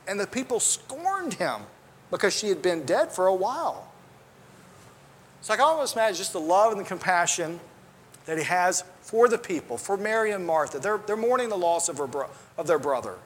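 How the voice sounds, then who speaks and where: A man preaching a sermon in a high, light voice. He talks earnestly and conversationally, breaking off into asides and restarts. He quotes scripture in old-style wording. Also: lively intonation, normal speed, slight background noise.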